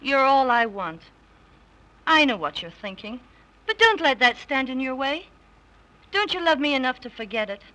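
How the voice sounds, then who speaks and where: A woman's voice: sits high, very animated, moderate pace, long pauses, bright, forceful tone, exaggerated voice, poor audio. A coaxing spoiled rich girl. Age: young adult. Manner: coaxing, playful, pleading. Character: spoiled, headstrong rich young daughter in love. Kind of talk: early 1930s film acting.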